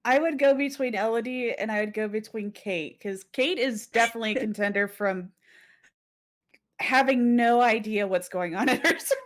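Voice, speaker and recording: A woman's voice: fairly high pitch, fairly quick, hardly any pauses. A woman co-hosting a casual chat about a horror game, talking animatedly, swearing and laughing often. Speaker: co-host.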